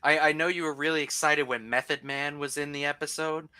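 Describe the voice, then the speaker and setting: A man from Long Island calling into a show, chatting casually and ranting in halting, restarting phrases. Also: fairly high pitch, steady tone, a loud crowd. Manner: halting, restarts and repeated words while ranting. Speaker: caller. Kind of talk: casual chat.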